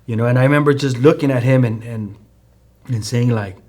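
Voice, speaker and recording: A man's voice: medium pitch, a little fast, darkish tone. Chicano man telling a hard story. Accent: Chicano English. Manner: storytelling with acted quotes, many fillers and restarts. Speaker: podcast guest. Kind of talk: emotional personal testimony.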